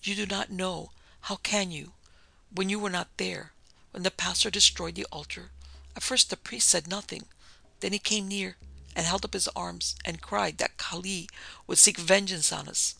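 A reader voicing a frightened woman missionary who recounts her ordeal in a hushed, earnest way, as in an audiobook. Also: mid-range voice, steady tone, moderate pace, vocal fry, dry recording, exaggerated voice, low-quality recording. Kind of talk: audiobook reading.

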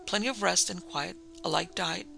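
A brisk doctor puzzling over a patient in an old ghost story, voiced by a man reading aloud. He sounds clipped and matter-of-fact, with a bright, gravelly timbre. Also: high-pitched, soft background music, exaggerated voice. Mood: puzzled. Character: brisk male country doctor.

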